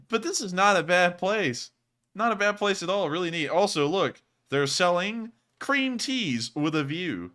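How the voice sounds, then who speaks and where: Male stream host, bright and punchy, chatty and jokey, casual commentary. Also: high-pitched, expressive, a little slow. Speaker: host of a live war-news stream.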